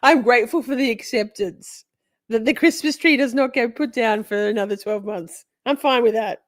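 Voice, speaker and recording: A woman's voice: fairly high pitch, normal speed, no room sound, studio quality. A woman hosting a live stream, chatting casually with viewers. She is playful, laughs often, swears freely and talks straight to her audience. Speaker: livestream host.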